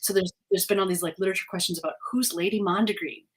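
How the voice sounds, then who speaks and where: A woman, co-hosting a casual livestream chat, talkative and quick to laugh, sometimes stumbling over her words. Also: medium pitch, steady tone, noisy background. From Wisconsin. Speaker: co-host.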